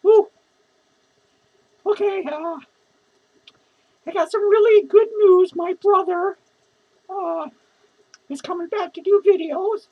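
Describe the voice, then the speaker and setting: A woman's voice: very high voice, takes it slowly, long pauses, phone-quality sound, full character voice. A woman playing a drunk, lonely, foul-mouthed female clown who rambles and swears in a rambling character vlog. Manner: rambling, profane, giggly.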